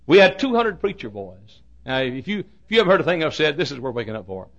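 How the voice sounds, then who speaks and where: A preacher man telling a story in a sermon, folksy and dramatic. His voice runs high and bright. It leaps from hushed tones to shouts. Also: very animated, fast talker, muffled recording.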